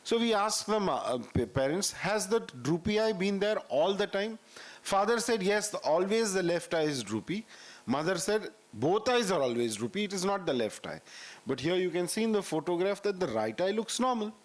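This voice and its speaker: A man's voice: sits high, sing-song, moderate pace. A man with an Indian English accent presenting medical cases at a conference and introducing the next speaker. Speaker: session moderator and presenter.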